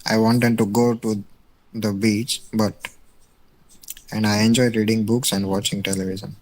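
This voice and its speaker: A man with a low voice works through a grammar quiz as a student. He answers in short, polite, tentative bursts and often checks himself. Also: little pitch movement, moderate pace, rough recording. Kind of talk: answering quiz questions in a lesson.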